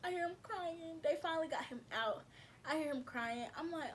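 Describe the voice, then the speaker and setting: A woman vlogger with a slightly high voice chats straight to her viewers, slangy and loose, calling them y'all. A faint hiss sits under her talk. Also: normal speed. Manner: chatty, addresses viewers as y'all, slangy and laughing. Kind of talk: casual storytelling to viewers.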